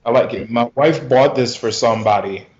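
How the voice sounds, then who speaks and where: A man co-hosting a casual podcast, dropping slow, dry asides. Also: mid-range voice. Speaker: podcast co-host. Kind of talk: casual banter. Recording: dull lo-fi audio with faint noise.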